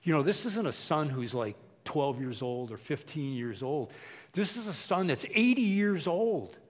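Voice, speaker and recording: A man's voice: fairly high pitch, sing-song, unhurried, big-room sound. A male pastor preaching a folksy, conversational sermon full of repetition.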